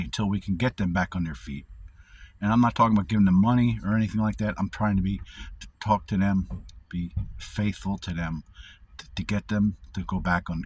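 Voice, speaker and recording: A man giving a casual devotional talk to his viewers, rambling and candid, with wry deadpan humor and many restarts. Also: low-pitched, slight background noise. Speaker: vlogger sharing faith encouragement.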